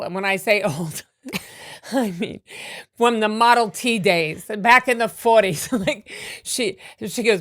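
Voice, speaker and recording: A woman comedian telling animated stories with many fillers and restarts in a podcast interview. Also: medium pitch, slow, dry recording, clean studio sound. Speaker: comedian guest.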